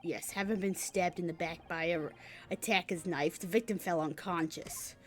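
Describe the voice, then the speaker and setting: Woman as a businesslike police inspector, low and matter-of-fact. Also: steady tone, moderate pace, soft background music, natural voice. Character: brisk male police inspector.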